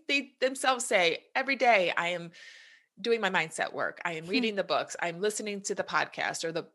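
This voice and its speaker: Earnest us woman coach on a podcast, bright tone, kinda low pitch, says "you know" a lot. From United States. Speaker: health coach guest. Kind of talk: casual podcast conversation.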